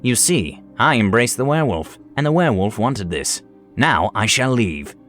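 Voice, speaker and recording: A man's voice: medium pitch, sing-song, normal speed, a bit bright, soft background music. A man voicing a cruel male wizard who sneers and gloats. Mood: menacing.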